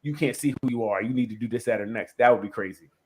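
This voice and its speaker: Animated man co-hosting a chat. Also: medium pitch, fast talker, slightly rough. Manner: animated, laughing, repeats himself. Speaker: podcast co-host. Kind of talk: casual group discussion.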